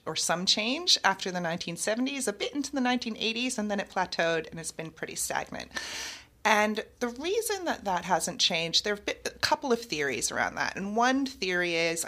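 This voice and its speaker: A woman with an American accent, an author guest talking in an animated, chatty way on a radio interview, with frequent ums. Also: mid-range voice.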